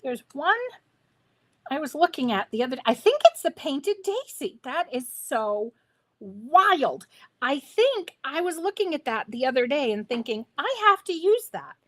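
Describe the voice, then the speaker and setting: A woman's voice: sits high, big pitch swings, measured pace. A woman hosting a live crafting stream, chatting with viewers in a bubbly, enthusiastic way while she works. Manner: talks to viewers while working. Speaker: craft livestream host. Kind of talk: live crafting demo chat.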